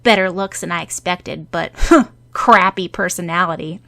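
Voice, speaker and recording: A woman voicing a bratty, sharp-tongued young orphan boy who speaks in a smug, blunt, scoffing way. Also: lowish voice, moderate pace, gravelly.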